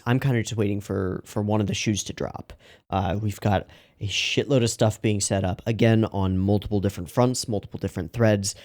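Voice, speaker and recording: Host masculino de react, voz grave, fala solta e divagante, com explosões de empolgação. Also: male voice, fairly low pitch. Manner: chatty, rambling, loud excited outbursts. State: yawning, sleepy. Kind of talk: casual reaction commentary.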